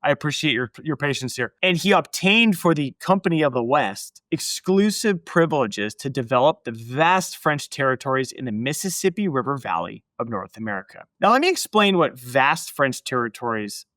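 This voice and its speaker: Guy telling a history story on his podcast, punchy and chatty, animated voice, dry close sound. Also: medium pitch, normal speed, few pauses, no room sound. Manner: emphatic, conversational, with asides to listeners. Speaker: podcast host. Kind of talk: casual history narration.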